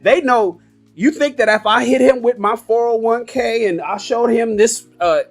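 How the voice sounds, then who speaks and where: A loud, high-pitched, scornful older woman who sneers and snaps her words at younger women, as a man puts her on in a mocking falsetto. Her voice stays high and forceful throughout, with faint guitar music behind. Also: moderate pace, close to an everyday voice. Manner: high mocking sassy voice, neck-snapping attitude. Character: bitter older woman in a chat, sassy, scornful.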